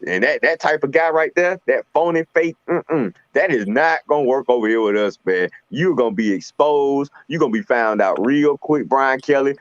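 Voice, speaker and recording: A man's voice: medium pitch, moderate pace, few pauses, dry recording. Trash-talking man on sports talk. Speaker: sports show co-host. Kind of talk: casual sports debate. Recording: dull lo-fi dry sound.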